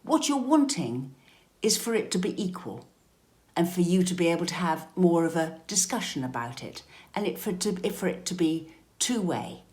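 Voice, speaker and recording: A British woman coaching step-parents in a calm, measured, gently instructive advice talk. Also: lowish voice.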